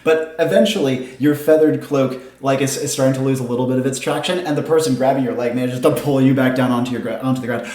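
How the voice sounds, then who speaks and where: A man's voice: mid-range voice, fast talker, few pauses, darkish tone. A man running a tabletop game as game master, narrating steadily and descriptively. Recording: roomy echo.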